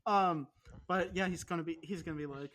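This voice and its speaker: A woman's voice: fairly low pitch, fairly quick, a bit bright. Sarcastic, foul-mouthed young woman. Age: young adult. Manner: profane, sarcastic teasing. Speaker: podcast co-host. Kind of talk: casual chat.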